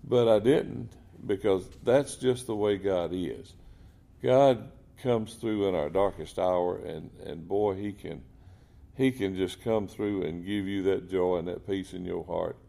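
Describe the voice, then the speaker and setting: A man's voice: low-pitched, unhurried, creaky, warm tone. A man telling faith stories in a folksy, earnest way. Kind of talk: casual Christian talk.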